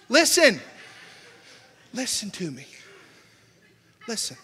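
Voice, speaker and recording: A young man with a Southern American accent preaching a sermon with passion, going from shouts down to a hushed near-whisper. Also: extremely high pitch, slow, long pauses. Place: church. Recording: long church hall reverb.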